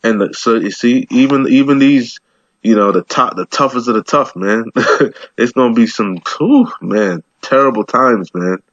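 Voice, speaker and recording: A man's voice: mid-range voice, unhurried, fairly bright tone, no room sound, lo-fi sound. A man giving loose, streetwise commentary on scripture, rambling and peppering his talk with slang. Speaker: bible teacher.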